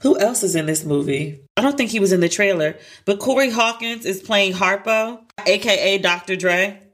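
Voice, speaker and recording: A woman co-hosting a casual pop-culture chat show, animated and chatty, often acting out her own reactions in high tones. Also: normal speed. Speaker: podcast co-host.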